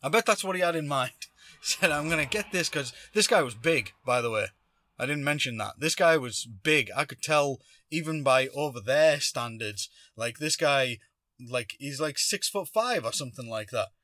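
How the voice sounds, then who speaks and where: Man, podcast host, animated casual storytelling, dry close sound. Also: medium pitch, normal speed, no room sound. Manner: animated, acts out quotes.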